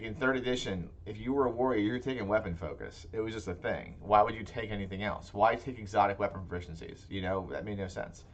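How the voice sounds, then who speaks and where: A man's voice: fairly low pitch, highs cut off. A man co-hosting a casual tabletop gaming podcast, talking in rambling, self-interrupting chat. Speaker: podcast co-host.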